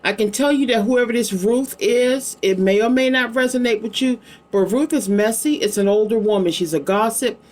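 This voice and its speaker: A chatty middle-aged woman runs a relaxed psychic card reading. She rambles easily from card to card, talking in a warm, everyday tone. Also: on the high side, normal speed. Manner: chatty, rambling, affectionate asides to her child. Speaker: psychic tarot reader. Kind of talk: casual live card-reading vlog.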